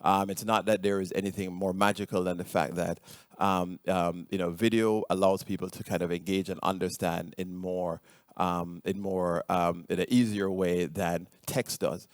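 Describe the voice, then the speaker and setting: Low-voiced Jamaican-accented man presenting. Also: flat delivery, moderate pace, no echo, studio quality. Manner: hesitant, many ums and restarts. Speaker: conference speaker. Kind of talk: conference presentation.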